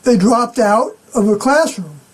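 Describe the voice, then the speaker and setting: A middle-aged woman giving an unscripted scripture commentary as a personal testimony, halting and often clearing her throat. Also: on the high side, animated, poor audio.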